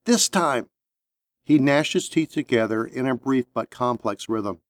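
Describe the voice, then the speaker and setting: A man narrating an action story in a steady, measured audiobook reading. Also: mid-range voice, no echo, studio quality.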